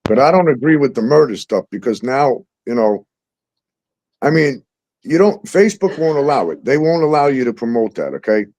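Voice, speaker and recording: A man hosting a casual talk show, animated and profane, laughing often and acting out exchanges as he tells stories. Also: medium pitch, moderate pace. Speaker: show host. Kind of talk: casual podcast chat.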